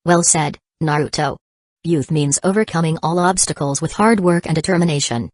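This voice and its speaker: A woman's voice: low-pitched, moderate pace, darkish tone, no echo, clean studio sound. A woman voicing a fiery, eager young man in a storybook reading, exclaiming his lines. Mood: enthusiastic.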